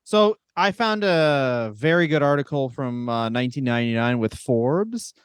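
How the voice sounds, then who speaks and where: A man co-hosting a casual comedy podcast, riffing crudely and quickly with his partner. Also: mid-range voice, expressive, smooth, dry recording, clean studio sound. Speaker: podcast co-host.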